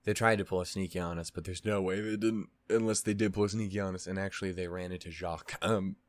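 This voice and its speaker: A man's voice: deep voice, fairly even intonation, fast talker, slight background noise. A man hosting a reaction channel, casually recapping a show in a rambling way, with lots of fillers, restarts and swearing.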